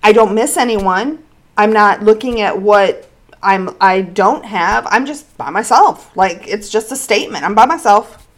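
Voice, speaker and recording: A woman's voice: medium pitch, a little slow. A woman co-hosting a podcast, speaking candidly and personally about her own life in casual chat. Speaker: podcast co-host.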